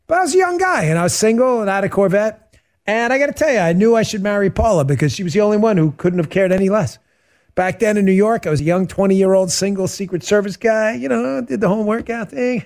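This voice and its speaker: A middle-aged man hosting a radio talk show, chatting casually and answering listener questions as an animated, joking storyteller. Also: high voice. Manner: animated, joking storyteller who acts out quotes.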